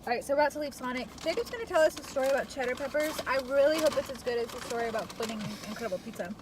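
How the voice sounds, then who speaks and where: A woman vlogger from the United States telling playful stories in casual chat while riding in a car. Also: sits high. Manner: lively storyteller, quick and playful. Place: inside a moving car. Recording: car noise behind.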